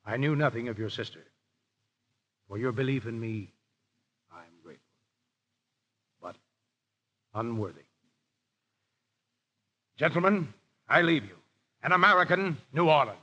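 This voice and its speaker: An actor playing a proud, grave pirate captain in a 1930s radio drama, husky and low. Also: male voice, normal speed, long pauses, close to an everyday voice. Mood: somber. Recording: dull lo-fi 1930s radio broadcast.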